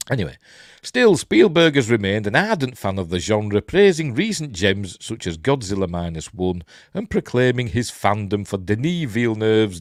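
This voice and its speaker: Yorkshire man, live-stream news host, rambling chatty commentary, animated voice, dry close sound. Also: medium pitch, no room sound. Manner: rambling, chatty asides while reading articles aloud.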